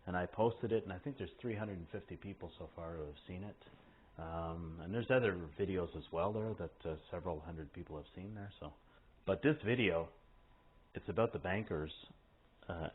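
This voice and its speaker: A man's voice: low-pitched, normal speed, breathy edge. A man hosting a show in a rambling, foul-mouthed monologue. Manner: rambling, heavy swearing. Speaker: host. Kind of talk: casual podcast monologue. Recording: tinny phone-like line with faint hiss.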